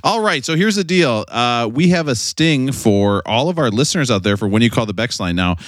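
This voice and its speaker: A man's voice: medium pitch, lively intonation, brisk, no room sound, studio quality. A man hosting a podcast, joking and laughing often in casual banter. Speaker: podcast host.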